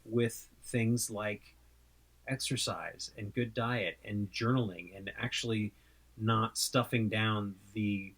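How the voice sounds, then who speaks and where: A man co-hosting a podcast in casual chat, talking candidly and relaxed, with frequent "you know"s. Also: lowish voice, slow pace, husky, rough recording. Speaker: podcast co-host.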